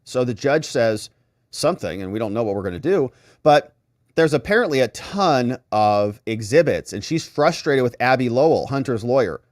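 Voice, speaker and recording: A middle-aged male legal commentator walks through a day in court, slipping into the voices of the judge and the attorneys. His delivery swings widely in pitch and drips with sarcasm. The recording is dry and close, with no room sound. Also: normal speed, dry recording. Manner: animated, acts out quoted lawyers and judge in shifting voices; sarcastic asides.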